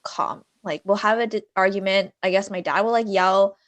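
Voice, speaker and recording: A woman's voice: mid-range voice, moderate pace. A young woman co-hosting a podcast, telling stories in a casual, rambling way with lots of fillers. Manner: filler-heavy, animated storytelling. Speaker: podcast co-host. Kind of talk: casual chat.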